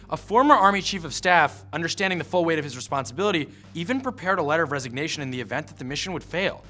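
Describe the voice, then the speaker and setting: A man's voice: a little high, sharp tone. A man giving scripted history narration in a punchy storytelling manner with wry asides.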